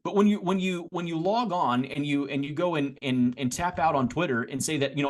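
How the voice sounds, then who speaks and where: A man co-hosting a casual sports podcast, talking in a rambling way with restarts, getting animated as he makes his points. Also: on the high side, fairly quick, few pauses. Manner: rambling, frequent restarts and repeated words. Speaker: podcast co-host.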